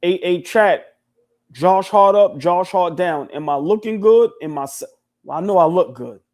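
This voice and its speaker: Male stream co-host on a video call, slightly high voice, playful and showy. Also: animated, moderate pace, darkish tone. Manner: playful, flamboyant, lists compliments. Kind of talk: casual live stream banter.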